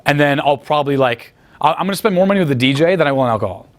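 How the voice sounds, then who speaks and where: Fast-talking crude, boastful man. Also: a little high, expressive. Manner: crude, profane, rambling storytelling. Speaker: guest talking about picking up women. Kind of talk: casual interview talk.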